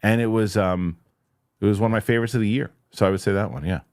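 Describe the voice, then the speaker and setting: A man hosting a casual live stream, reading viewer comments aloud in an animated, chatty way and laughing easily. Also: on the low side, fast talker, no room sound, studio quality. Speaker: show host.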